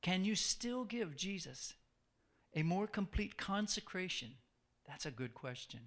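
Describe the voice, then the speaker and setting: A man preaches a sermon conversationally, asking his listeners questions and repeating phrases for emphasis. His voice sits high with big swings in pitch, a fairly bright tone, and a slightly slow pace.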